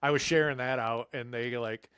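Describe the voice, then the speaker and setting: A man's voice: medium pitch, fairly even intonation, moderate pace, a bit bright, clear, resonant tone, dry recording. A man in his forties, a podcast guest talking casually, laid-back and swearing now and then. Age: 40s.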